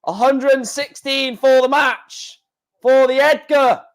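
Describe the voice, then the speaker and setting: High-voiced guy hosting a live stream, slow and excitable, keeps saying wow. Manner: excitable, shouting at big moments, repeating "wow". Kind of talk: excited live sports commentary.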